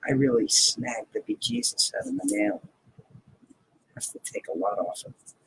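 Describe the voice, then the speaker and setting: A man's voice: medium pitch, huge pitch swings, moderate pace, gravelly, husky, dry recording, poor audio. A man hosting a casual live stream, chatting playfully with viewers, greeting them by name and laughing often.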